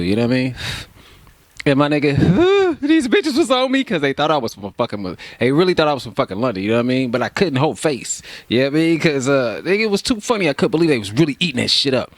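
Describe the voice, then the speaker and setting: Laid-back and laughing, this Kansas City, Missouri rapper tells casual stories heavy with slang and cursing. He speaks at medium pitch, and the recording has no echo.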